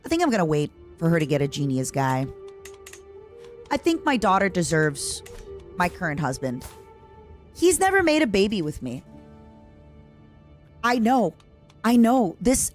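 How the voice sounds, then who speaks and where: A woman's voice: medium pitch, big pitch swings, normal speed, pauses often, faint music behind. A young adult woman streaming a strategy game, chatting casually and reacting dramatically to events and her chat. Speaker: VTuber streamer. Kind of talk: casual gameplay commentary.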